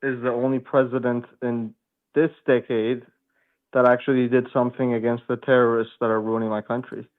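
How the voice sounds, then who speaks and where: Rushed young man from Iran on the phone. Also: medium pitch, level tone. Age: 20s. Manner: rushed, insistent. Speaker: caller. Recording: tinny phone line.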